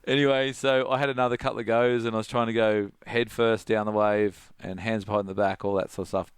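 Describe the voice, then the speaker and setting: A middle-aged Australian man, a surf coach, telling a story in casual chat, animated and laughing, full of "like". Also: lowish voice, brisk, smooth, no room sound, clean studio sound. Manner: animated, laughing, heavy use of "like".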